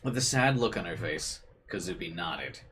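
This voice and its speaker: A man's voice: sits low, expressive, normal speed, a bit bright, slight background noise. A young man streaming a visual novel, reading its text aloud with casual, joking asides. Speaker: let's play streamer.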